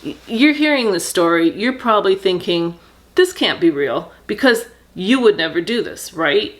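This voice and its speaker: A middle-aged woman telling a personal story on her vlog, earnest and reflective, pausing with fillers and restarting sentences. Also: mid-range voice, lively intonation.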